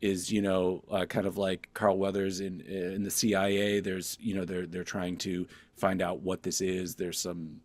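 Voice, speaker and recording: A man's voice: deep voice, flat delivery, a little slow, hardly any pauses, a little mellow, dry recording. A man co-hosting a casual film discussion, rambling loosely with plenty of fillers.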